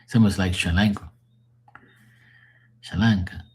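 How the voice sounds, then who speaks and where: Man, fairly low voice, live-stream tarot reader, casual rambling chat, profane, laughs a lot. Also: fairly even intonation, unhurried, a little mellow.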